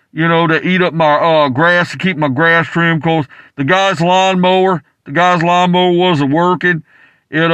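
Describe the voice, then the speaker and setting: A man on a call-in show, telling a story with many stumbles and "uh"s. His voice is fairly high for a man, and the sound is dry and close. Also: bright, forceful tone, clean tone, no room sound. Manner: rambling, stumbling, many restarts and fillers. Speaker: caller. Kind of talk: rambling anecdote.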